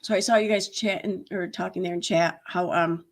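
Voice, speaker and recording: A woman's voice: lowish voice, fairly even intonation, normal speed. Chatty sarcastic woman streamer. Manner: chatty, sarcastic, laughs often. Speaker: commentary channel host. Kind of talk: casual livestream commentary.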